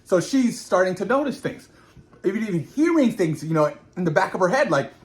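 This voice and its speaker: A man recapping a horror episode in an animated, slangy way, often repeating words for emphasis. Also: high-pitched, fairly quick. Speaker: show reviewer. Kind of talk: reaction recap.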